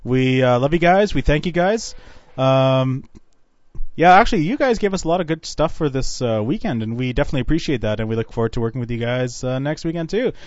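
A man's voice: mid-range voice, expressive, a little fast, no echo. A man hosting a live radio show, chatting loosely with fillers and laughs. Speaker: radio host. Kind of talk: casual live radio chat. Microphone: studio microphone. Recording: dull lo-fi radio recording.

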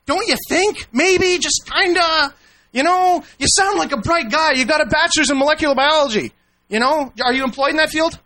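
A high, bright-voiced man hosts a radio talk show with brash, profane sarcasm. He cuts in on his guest and jeers at him. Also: moderate pace. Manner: profane, mocking, talks over the guest. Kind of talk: combative radio interview.

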